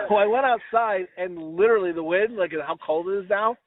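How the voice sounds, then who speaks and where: Man, podcast host, high voice, rambling profane storytelling, tinny phone-like audio. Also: fairly quick, a crowd in the background. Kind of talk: casual comedic chat.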